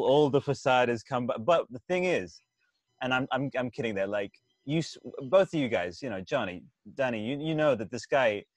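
A man's voice: medium pitch, no room sound. Rambling, casual male podcast host. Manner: rambling, many fillers and restarts, swears casually. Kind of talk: casual chat.

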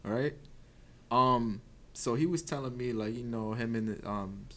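A man's voice: mid-range voice, measured pace. A man, co-hosting a podcast in casual chat, telling stories loosely with restarts and swearing. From New York. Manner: storytelling, rambling with restarts and swearing. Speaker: podcast co-host.

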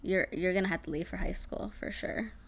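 A woman's voice: lowish voice, steady tone, brisk, gravelly. A woman in her thirties co-hosting a casual podcast, laid-back and teasing, laughing often and swearing casually. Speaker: podcast co-host. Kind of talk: casual chat.

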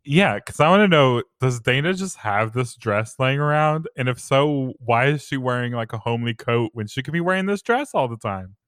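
A man's voice: mid-range voice, lively intonation, moderate pace, few pauses, fairly bright tone, no room sound, studio quality. A young man joking playfully in a casual film discussion. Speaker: podcast co-host.

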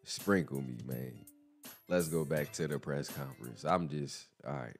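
A man hosting a casual boxing commentary podcast, animated and mocking, who laughs often. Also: rumbling low, unhurried, faint music behind. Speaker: podcast host.

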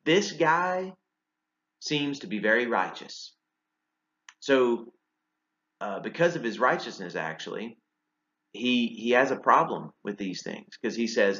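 A man's voice: mid-range voice, expressive, takes it slowly, long pauses, a bit bright. A man preaching a sermon in a conversational way, asking rhetorical questions and using casual fillers. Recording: roomy and slightly dull sound.

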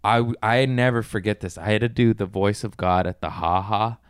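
A man's voice: fairly low pitch, fairly even intonation, moderate pace, clear, resonant tone, dry recording, clean studio sound. A man in his thirties, a stand-up comedian, chatting casually as a podcast guest, telling stories animatedly with swearing and acted-out quotes.

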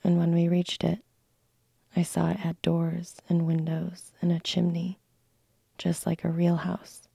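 Husky whispering storybook narrator, woman. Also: fairly low pitch, monotone, no room sound. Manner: soft, slow, unvoiced whisper. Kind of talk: whispered role-play, storybook reading.

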